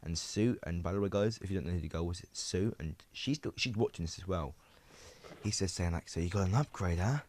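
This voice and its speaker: A man's voice: sits low, a little fast, darkish tone, a little hiss or hum. A man casually narrating a fan story, rambling with many restarts and asides to his viewers.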